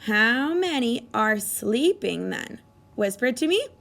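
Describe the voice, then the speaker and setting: A woman teaching a children's math lesson with a bright, high voice. Her pitch leaps and dips constantly in a sing-song way. She sounds full of wonder and keeps asking the children encouraging questions. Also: a little slow, creaky. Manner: animated, sing-song, gasps with exaggerated delight. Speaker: kindergarten teacher.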